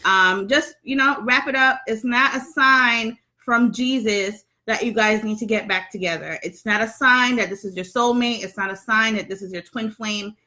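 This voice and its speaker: A woman's voice: a little high, normal speed, few pauses, bright, forceful tone. A young woman hosting an astrology livestream, chatting casually and reading viewer comments with lots of ums. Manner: chatty, laughs often, frequent ums. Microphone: phone.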